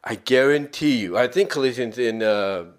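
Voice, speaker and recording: A man's voice: mid-range voice, moderate pace. A man hosting an opinion podcast, talking emphatically and repeating his points for insistence. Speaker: podcast host.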